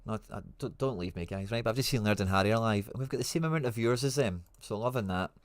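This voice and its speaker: A livestream host with a Scottish accent speaks quickly in a fairly low voice, recorded dry. He reads out viewers' comments and answers them in casual, friendly slang.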